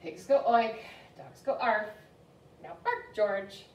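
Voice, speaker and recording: A woman's voice: a little high, slow. A woman voicing a fussy mother dog. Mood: insistent. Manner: exasperated, insistent. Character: fussy mother dog scolding her puppy. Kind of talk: storybook read-aloud. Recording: roomy, mic at a distance.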